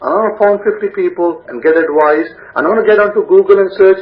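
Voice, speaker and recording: Man preaching, impassioned, fairly high voice, phone-like echoey sound. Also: fast talker, hardly any pauses. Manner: impassioned, acts out the sufferer's laments in a higher voice. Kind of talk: sermon.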